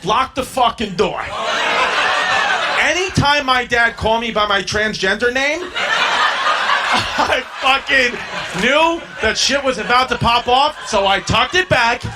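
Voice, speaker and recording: A tipsy male comedian telling a story on a podcast, loud and boisterous, laughing often and swearing freely. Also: extremely high pitch, expressive, a little slow. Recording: loud background noise.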